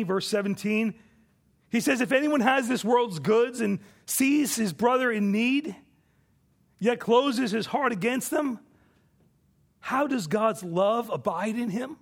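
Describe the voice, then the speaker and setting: A man preaching a sermon from the pulpit, emphatic, his voice swelling for quoted scripture and dropping low and soft on key points. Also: creaky. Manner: emphatic preaching, rising and falling in volume. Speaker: pastor.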